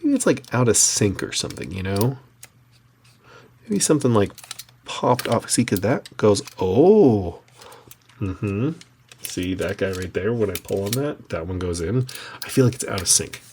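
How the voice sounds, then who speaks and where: A man's voice: lowish voice, lively intonation, normal speed, a little mellow, a little hiss or hum. A man casually thinking aloud as he tinkers with a machine, muttering and rambling to himself, recorded through a webcam microphone. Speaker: streamer tinkering with a VCR.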